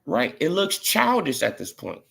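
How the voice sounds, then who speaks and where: Animated gravelly man ranting casually. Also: on the high side, unhurried. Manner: animated, repetitive "right?" and "you feel what I'm saying", mocking. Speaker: boxing commentator vlogger. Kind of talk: casual opinion rant.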